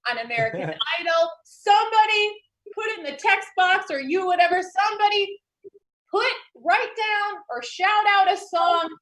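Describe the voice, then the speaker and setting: A woman's voice: very high voice, normal speed, a bit bright. A young woman doing playful stand-up over a video call, laughing at her own jokes. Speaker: comedian.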